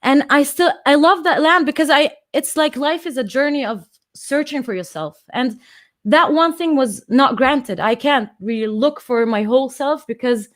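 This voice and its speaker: A woman's voice: sits high, moderate pace. A woman in her twenties, from Austria, performing impassioned spoken word poetry and then chatting emotionally at an online conference over a video call. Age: 20s. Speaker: poet and singer at an online conference.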